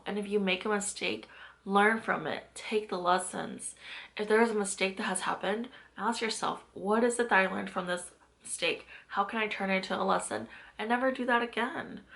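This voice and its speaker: Young woman coach talking straight to camera, bright clear voice, earnest and chatty, gets animated. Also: medium pitch. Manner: earnest, chatty, self-reflective, with bursts of animation. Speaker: mindset coach. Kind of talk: casual motivational talk to camera.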